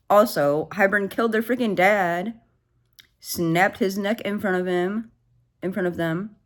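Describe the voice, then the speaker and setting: A woman in her twenties giving casual, excitable reading updates as a book vlogger, swearing freely and gushing over the story. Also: on the low side.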